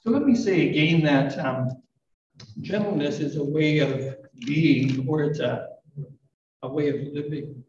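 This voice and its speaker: A man in his fifties or older preaching a live sermon, gentle and reflective, with light self-deprecating humor. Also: fairly high pitch, unhurried. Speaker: pastor. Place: church hall at a live service. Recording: roomy, distant, dull live recording.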